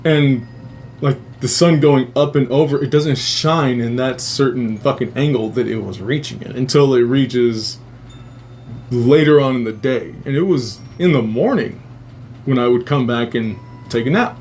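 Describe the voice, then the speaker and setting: A man hosting a live show, telling a dream story in a profane, rambling, animated way. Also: mid-range voice, unhurried, slight background noise. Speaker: host. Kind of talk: casual storytelling.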